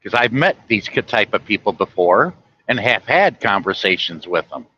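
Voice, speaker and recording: A man's voice: on the low side, very animated, normal speed, sharp tone, muffled recording, a little hiss or hum. A man driving a truck, chatting casually and folksily with viewers from the road. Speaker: truck driver livestreaming. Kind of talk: casual rambling talk to viewers. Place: truck cab on the highway.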